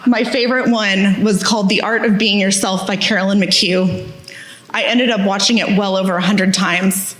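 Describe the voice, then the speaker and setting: A woman's voice: medium pitch, fairly even intonation, normal speed, fairly bright tone. A woman giving a candid, self-deprecating talk on stage, telling her story with humor. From Texas. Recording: echoey hall.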